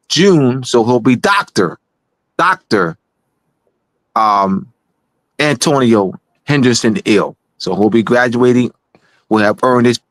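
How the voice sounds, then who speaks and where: A man hosting a livestream show, talking in a halting, animated way with many restarts. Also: medium pitch, no echo. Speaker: show host.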